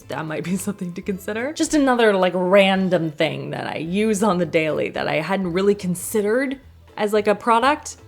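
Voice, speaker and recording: Chatty woman vlogger, low-pitched. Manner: chatty, rambling, laughs often, many fillers. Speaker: lifestyle vlogger. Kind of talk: casual product vlog. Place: home.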